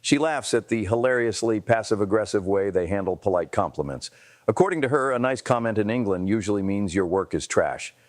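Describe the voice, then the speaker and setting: A man reading scripted narration for a celebrity clip video in an even, measured way. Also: on the low side.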